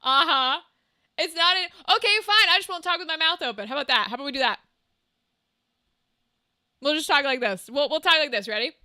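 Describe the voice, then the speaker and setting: Young woman streamer, high and very bright, brash and foul-mouthed, teasing her chat. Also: animated, fast talker, pauses often, no echo, clean studio sound. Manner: brash, profane, teasing, laughs often. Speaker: game streamer. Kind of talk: casual chat with viewers.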